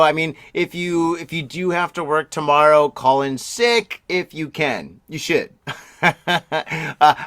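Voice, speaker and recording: A middle-aged man hosting a news podcast in casual chat, excitable and chatty, exclaiming and laughing often, his voice slightly husky after a throat illness. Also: medium pitch, no room sound. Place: Tokyo.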